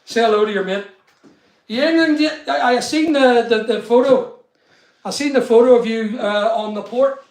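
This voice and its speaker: A middle-aged man with an extremely high voice chats casually at normal speed on a live stream, greeting viewers by name. He's in a studio room still under construction, and the unfinished space sounds echoey.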